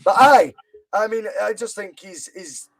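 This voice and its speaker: A man's voice: high voice, measured pace. A man with a Scottish accent hosting a football podcast, talking animatedly and butting in with questions. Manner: animated, interjecting and teasing. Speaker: podcast host. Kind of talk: casual football chat.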